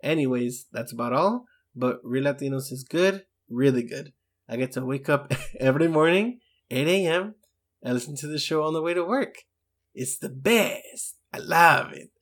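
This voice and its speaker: A man's voice: mid-range voice, lively intonation, moderate pace, fairly bright tone. An English man co-hosting a podcast, chatting enthusiastically and reading out listener emails. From England. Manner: enthusiastic, chatty, with many fillers. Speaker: podcast co-host.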